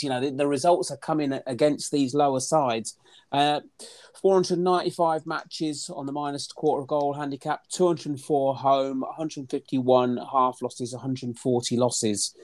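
A man working steadily through football handicap figures, one number after another. He fills pauses with hesitant sounds and speaks at an average pitch. He comes across as measured and analytical. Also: a little mellow. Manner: methodical, list-like, hesitant fillers. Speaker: betting statistics analyst. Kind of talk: reading out match statistics.

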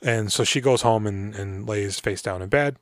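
A man's voice: fairly low pitch, normal speed, no room sound, studio quality. Man casually rambling through a movie recap. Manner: rambling and profane, acts out characters' lines. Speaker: podcast co-host.

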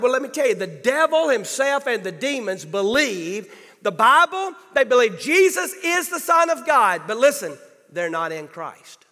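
A man's voice: very high-pitched, pushed and bright. A male pastor preaching a sermon in a church sanctuary, emphatic, and calling on the congregation to answer back. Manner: emphatic, calls for congregation responses. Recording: long hall reverb.

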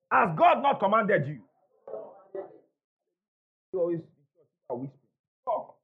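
A man preaches to his congregation. His voice sits high and swings widely as he drives home each point, repeating lines and calling for answers. The sound is slightly dull and muffled. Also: big pitch swings, normal speed, long pauses, slightly rough. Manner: emphatic preacher, repeats key phrases, call-and-response with congregation. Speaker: pastor. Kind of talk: sermon. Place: church hall before a congregation.

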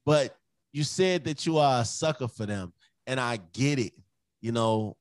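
On a relaxed podcast he co-hosts, this man talks forcefully about his family, saying things over and performing his children's voices. He has a mid-range voice and speaks a little slowly, with no echo in the audio.

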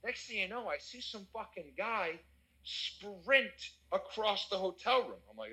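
A young American man telling a wild party story in casual chat, animated and swearing. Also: high-pitched, normal speed, breathy edge, poor audio. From United States.

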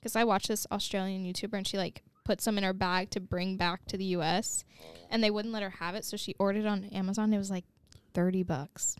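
A woman's voice: mid-range voice, fairly even intonation, brisk, smooth. A young woman co-hosting a podcast, telling chatty stories full of fillers. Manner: chatty, filler-heavy storytelling. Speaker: podcast co-host. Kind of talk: casual podcast banter.

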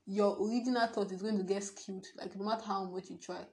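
A young adult woman hosts a casual solo podcast, her medium-pitched voice steady, a little mellow and quick. She rambles and giggles, restarts often, and hums and sings to herself as she talks.

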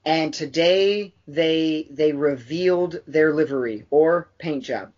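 A man's voice: fairly high pitch, slow pace, a little mellow. A man chatting casually on a podcast, rambling from point to point and cursing freely. He fills his talk with "like" and restarts. The sound is a bit dull and lo-fi. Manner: rambling, profane, with frequent fillers. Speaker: podcast co-host. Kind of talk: casual chat.

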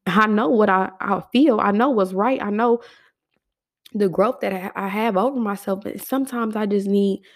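A woman's voice: mid-range voice, normal speed. A young adult woman hosting her own podcast, speaking heartfelt and emotional to her listeners, moving into a spoken prayer. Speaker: podcast host.

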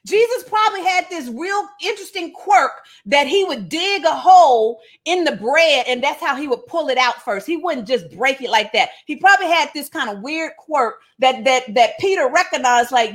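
A woman's voice: high-pitched, animated, normal speed, hardly any pauses, a bit bright. A woman retelling a Bible story comically, with playful slangy asides and frequent laughs.

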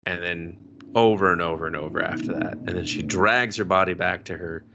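A man's voice: low voice, a little fast, dull audio, background noise. A man hosting a podcast, recapping an anime in sarcastic, profane casual chat. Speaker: podcast host.

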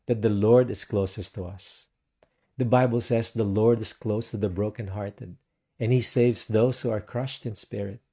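A man giving a devotional sermon in a slow, measured way, letting his phrases trail off softly. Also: mid-range voice. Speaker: preacher.

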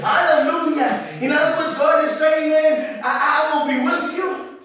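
A woman's voice: high voice, fairly even intonation, measured pace, a bit bright. A woman preaching a fervent sermon, repeating her phrases and often saying "man". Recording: very echoey, from far off.

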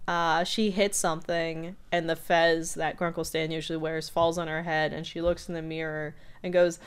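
A woman co-hosting a podcast, recapping a cartoon episode in a casual chat with lively retelling and frequent giggles. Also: sits low, clear, resonant tone. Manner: animated retelling, quick voice switches for quotes, frequent giggles. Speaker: podcast co-host.

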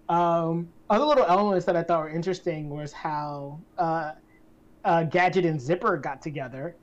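Female podcast co-host, lower voice, thoughtful and halting, dull lo-fi recording. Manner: thoughtful, restarts sentences, hedging. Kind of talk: casual chat. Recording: slightly dull lo-fi sound.

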